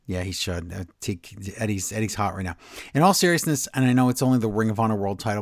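A man's voice: on the low side, lively intonation, fast talker, no echo. A man co-hosting a wrestling podcast, ranting in an exasperated, sarcastic way in casual chat. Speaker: podcast co-host.

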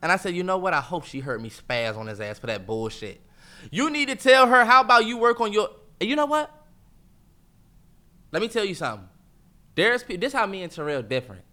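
High bright-voiced man in heated banter. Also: fairly quick. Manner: animated, swearing, mocking impressions of his brother. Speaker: podcast co-host.

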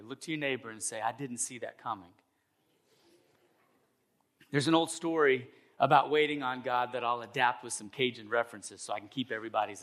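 Storytelling pastor preaching. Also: male voice, mid-range voice. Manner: storytelling with acted voices, animated and comic. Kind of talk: sermon.

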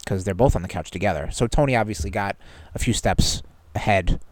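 A man's voice: lowish voice, fairly quick, darkish tone, dry recording. A man co-hosting a casual pop-culture chat, rambling, wry and freely profane. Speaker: podcast co-host.

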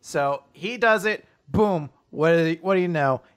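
A man co-hosting a casual manga discussion podcast, animated and joking, with halting restarts. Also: fairly high pitch, smooth. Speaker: podcast co-host.

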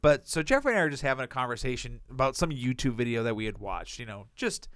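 A man's voice: medium pitch, big pitch swings, fast, a bit bright, dry recording, clean studio sound. A young man co-hosting a podcast, rambling through profane stories in casual chat. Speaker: podcast co-host.

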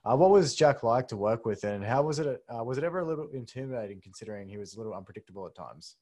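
An Australian man hosting a podcast interview, relaxed and casually swearing. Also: mid-range voice, racing. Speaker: podcast host.

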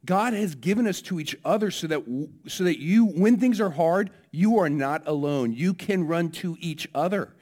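Man pastor with a lightly raised pitch. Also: moderate pace, hardly any pauses. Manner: lively, asks listeners questions. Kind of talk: children's message then sermon.

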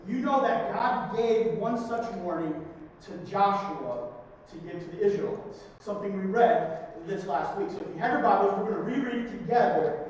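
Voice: mid-range voice, animated, normal speed, a little mellow, lo-fi sound. A pastor giving a conversational sermon who keeps tagging points with "right?". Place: church sanctuary. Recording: distant, echoey hall recording with faint noise.

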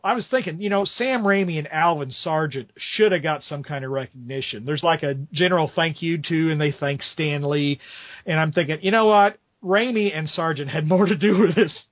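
Guy rambling casual review, kinda high voice, dull dry sound. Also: no room sound. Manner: rambling, many restarts and asides. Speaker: podcast host reviewing a musical. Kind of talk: casual chat.

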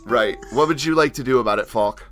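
Bright-voiced man running a tabletop game. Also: medium pitch, brisk, soft background music. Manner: casual, laughing, hesitant fillers. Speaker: game master.

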